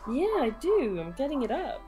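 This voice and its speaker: A woman's voice: high-pitched, big pitch swings, normal speed, dark tone, soft background music. Giggly woman chatting through a game. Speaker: stream moderator and co-op partner. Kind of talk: casual gaming chat.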